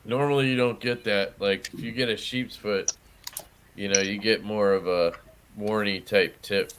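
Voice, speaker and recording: A man's voice: lowish voice, steady tone, normal speed, crowd noise. A man hosting a casual group video-call stream, laid-back and joking as he calls on guests in turn. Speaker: livestream host.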